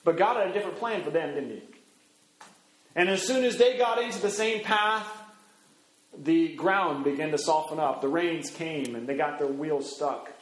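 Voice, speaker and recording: A middle-aged male pastor delivers an animated sermon in a fairly high voice, throwing his pitch up and down to act out the people he quotes. The sound rings around an echoey room. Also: moderate pace.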